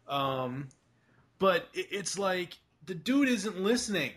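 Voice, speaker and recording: Man, podcast co-host, casual chat, rambling, fillers and restarts, slightly high voice. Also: big pitch swings, takes it slowly, fairly bright tone.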